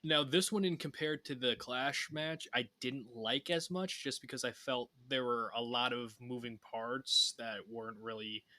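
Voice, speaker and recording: A man who is a guest on a casual podcast, talking in a relaxed, rambling way with lots of filler words. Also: medium pitch, no room sound.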